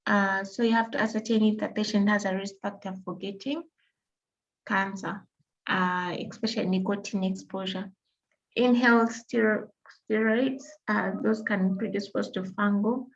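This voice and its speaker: A woman's voice: mid-range voice, fairly even intonation, normal speed. Woman lecturing medicine on dull audio. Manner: patient, explanatory teaching. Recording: dull lo-fi recording.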